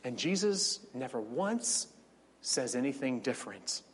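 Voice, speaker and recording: A man's voice: mid-range voice, big pitch swings, measured pace, slightly rough, in a large hall. A middle-aged male pastor preaching a sermon, storytelling with dramatic swells and wry asides.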